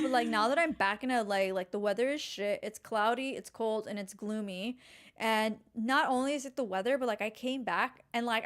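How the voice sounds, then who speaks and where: A young woman co-hosting a podcast in a casual, animated chat, full of filler words. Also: a little high. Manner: animated, chatty, heavy use of filler "like". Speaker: podcast co-host.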